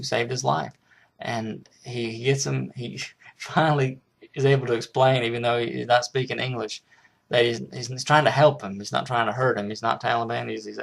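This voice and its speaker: A man's voice: medium pitch, gravelly. A man casually reviewing a film, rambling with frequent restarts and hesitations.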